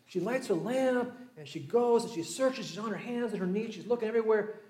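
A man's voice: sits high, brisk, roomy sound. A man from Southern California preaching a sermon, telling stories and acting out the voices of the people in them. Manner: storytelling, acting out voices, shifts from lively to hushed. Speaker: pastor.

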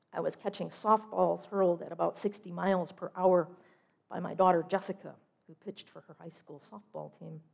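A middle-aged woman giving a measured, reflective sermon, trailing off softly at the ends of phrases. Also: lowish voice, vocal fry. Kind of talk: sermon storytelling.

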